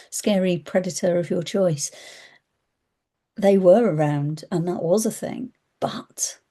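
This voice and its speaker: A middle-aged woman talks as a spiritual advisor, her voice mellow and warm with a husky, breathy edge. She tells her story with animated expression, slips into high worried voices for anxious thoughts, and lowers to soft whispers to make her points. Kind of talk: spiritual talk to camera.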